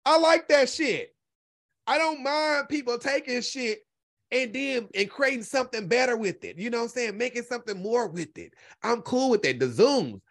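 Sassy, profane man swinging high and low. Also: expressive, normal speed, fairly bright tone. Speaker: host. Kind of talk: casual livestream monologue answering chat.

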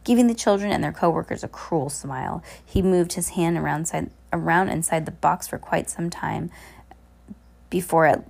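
A woman's voice: sits low, moderate pace, vocal fry, darkish tone. A woman reading a novel aloud, stumbling and correcting herself as she goes. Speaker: reader.

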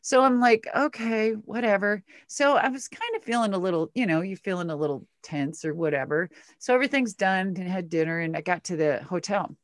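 A middle-aged woman telling a story as an interview guest, animated, swearing and making vocal sound effects. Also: on the low side, a little fast, few pauses, no echo, clean studio sound. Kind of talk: casual storytelling.

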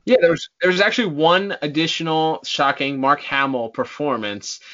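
An enthusiastic man co-hosting a casual podcast. His voice is bright and forceful at an ordinary pitch, and the audio is muffled and lo-fi. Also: normal speed. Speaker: podcast co-host. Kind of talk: casual chat.

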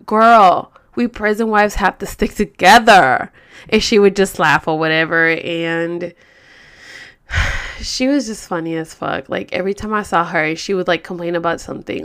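Smooth-voiced woman telling a rambling story. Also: fairly low pitch, fairly bright tone. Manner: rambling, profane, heavy on fillers like "like". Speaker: podcast host. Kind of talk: casual storytelling.

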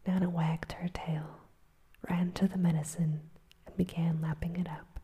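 Soft whispering woman reading a storybook. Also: fairly low pitch, flat delivery. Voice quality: breathy whisper. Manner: soft, unhurried reading that voices the characters' lines.

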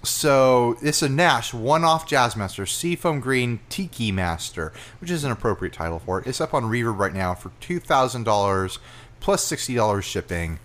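A young man co-hosting a casual gear podcast, chatty and quick to laugh, reading out listings. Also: mid-range voice, lively intonation, a bit bright. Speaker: podcast co-host. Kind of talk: casual chat.

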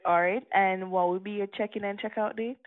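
A woman takes a reservations call in a polite, soft-spoken voice. The line sounds thin and tinny. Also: mid-range voice, fairly even intonation, a little fast. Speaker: reservations agent. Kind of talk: customer service call.

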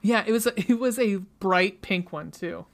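A woman's voice: medium pitch, normal speed, vocal fry. Chatty woman podcaster retelling a movie. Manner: rambling and chatty, with many fillers. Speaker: podcast host. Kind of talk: casual chat, retelling a movie plot. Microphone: studio podcast mic.

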